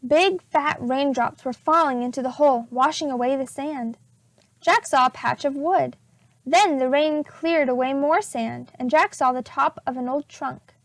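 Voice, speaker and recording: A woman teacher with a high voice reads a chapter book aloud to preschoolers, slowly and expressively, with no room sound.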